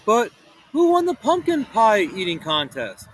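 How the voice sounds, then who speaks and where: A man's voice: high-pitched, huge pitch swings, unhurried, breathy edge, dry recording, voice pushed up, heavily acted. A man doing a yelping panicky lanky young guy. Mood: protesting.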